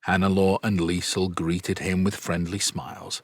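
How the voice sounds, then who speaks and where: A man narrating a fantasy audiobook in a steady, even storytelling manner. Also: low voice, moderate pace, few pauses, breathy edge, no echo. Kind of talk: scripted narration.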